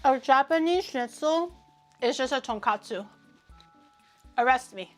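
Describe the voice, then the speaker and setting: A woman hosting a casual livestream, talking to chat in an animated, ranting way and swearing freely. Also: high-pitched, measured pace, faint music behind. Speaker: livestream host.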